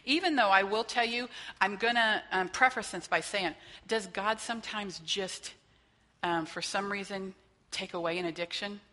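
A woman's voice: medium pitch, normal speed, sharp tone. Woman teaching in a reverberant hall. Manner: conversational, checks in with listeners by asking "okay?". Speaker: workshop trainer. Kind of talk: teaching a faith-based training session.

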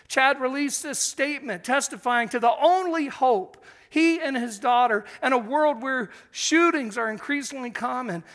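High, bright-voiced older preacher man. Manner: earnest, emotional storytelling with pauses. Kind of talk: sermon-style monologue.

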